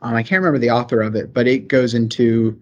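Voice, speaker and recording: A man's voice: medium pitch, fast, lo-fi sound. Eager young Southern-accented man. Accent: Southern American. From rural American South. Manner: eager, enthusiastic, rambling storyteller. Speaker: guest, engineer. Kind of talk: casual podcast chat.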